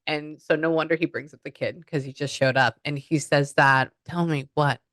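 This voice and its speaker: A woman working as a spiritual medium, chatting through a reading and relaying messages in quoted asides, swinging from excited exclamations to hushed murmurs. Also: low voice, moderate pace, dry recording.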